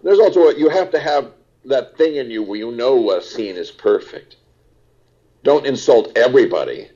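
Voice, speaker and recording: A man's voice: medium pitch, normal speed, highs cut off. An older man, an actor, chatting casually in an interview and rambling through stories with lots of "uh"s. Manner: rambling, animated storytelling with lots of "uh". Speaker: actor guest.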